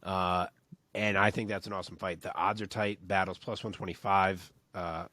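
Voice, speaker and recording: Low-voiced man giving casual fight picks. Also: moderate pace, no echo. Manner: offers picks in a relaxed, conversational way. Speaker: podcast co-host. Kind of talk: casual opinion chat.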